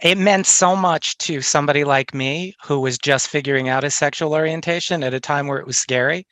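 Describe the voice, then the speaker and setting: A man interviewing an actress, asking quick questions in an enthusiastic, admiring way. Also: fairly high pitch, a bit bright, no echo.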